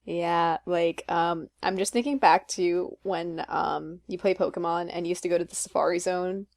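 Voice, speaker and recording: A woman co-hosting a casual podcast, upbeat and full of fillers. Her voice is low and gravelly with vocal fry. The sound is dry and close, with no room echo. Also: fairly even intonation, moderate pace. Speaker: podcast co-host. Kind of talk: casual chat.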